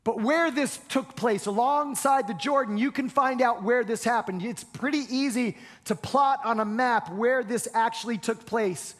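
Pastor delivering an earnest sermon, high voice, frequent restarts, long hall reverb. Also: male voice, normal speed, hardly any pauses, fairly bright tone. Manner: earnest preaching with repeated stammered restarts.

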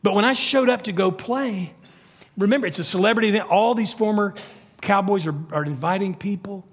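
A middle-aged man preaching a sermon, telling stories with animated energy that climbs to near-shouts. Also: sits high, brisk, slightly rough. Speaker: pastor. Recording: long reverb of a large hall.

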